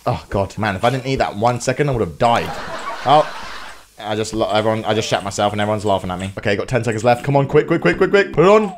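A man's voice: lowish voice, fast talker, background noise. A man ranting and swearing his way through comedic gameplay commentary. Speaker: gaming YouTuber.

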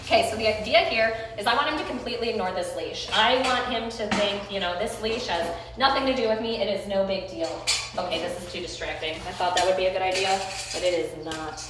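A woman's voice: medium pitch, a little fast, background noise. A young woman, a dog trainer, chatting through a training session in a loose, upbeat way with many fillers. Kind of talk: casual instructional narration. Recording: roomy, distant phone or camera mic.

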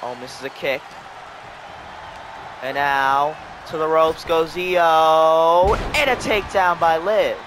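A man calling a wrestling video game match play by play, excitable and breaking into shouts at the near-falls. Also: a little high, takes it slowly, background noise. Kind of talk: play-by-play commentary.

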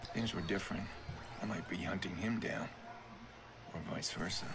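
A man voicing a grim, brooding vigilante hacker in a video game, speaking in a low, terse inner monologue. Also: moderate pace, noisy background.

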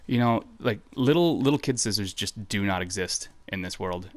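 A low-pitched man narrates his gameplay in a joking, chatty way and talks back to the characters on screen. His voice is close and dry, with no room sound around it. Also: normal speed, dry recording. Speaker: gaming video host. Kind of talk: let's play commentary.

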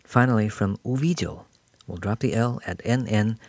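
A man's voice: fairly low pitch, normal speed, darkish tone, no echo. A man giving a patient, explanatory recorded grammar lesson as a language teacher.

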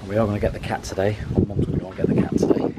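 A man's voice: little pitch movement, very fast, heavy background noise. A man chatting casually to camera for his family vlog at home, holding the camera himself. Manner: chatty, coaxing pets in a high sing-song voice. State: out of breath after a workout. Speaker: vlogger. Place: house and garden.

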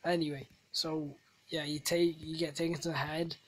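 Rambling gamer, mid-pitched. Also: level tone, moderate pace, a bit bright, no echo. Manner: rambling, jokey, self-deprecating asides. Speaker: gamer, channel host. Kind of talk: casual gameplay commentary.

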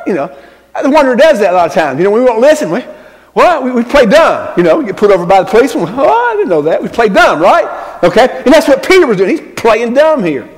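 A man's voice: extremely high pitch, big pitch swings, quick pace. A male pastor, preaching a sermon in a conversational way and often checking in with his congregation. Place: church sanctuary. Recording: long reverb in a church.

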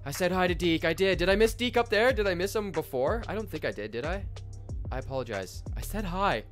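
A man's voice: high-pitched, fairly quick. Hyped young man on a live stream. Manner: excitable, shouts out chat names, laughs often. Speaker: streamer opening card packs. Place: home office. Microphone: desk microphone. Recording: loud game music under the voice. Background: game music.

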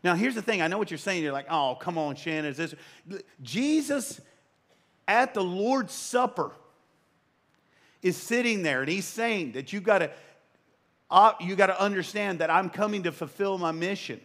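A high-voiced pastor in his fifties preaches at a moderate pace, leaving long pauses. He's emphatic and conversational, makes joking asides, and his voice suddenly leaps up when excited.

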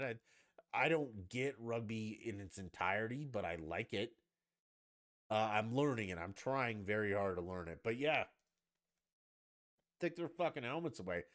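A man hosting a solo podcast, ranting in a profane, sarcastic and argumentative way. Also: on the low side. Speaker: podcast host.

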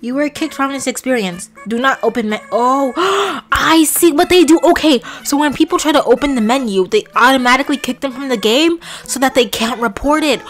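A young woman narrates her game session in an excited, scandalized rush, laughing and shrieking. Her voice sits fairly high, with soft music playing under her. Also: brisk, few pauses. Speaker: gaming vlogger. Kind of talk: excited reaction commentary while playing.

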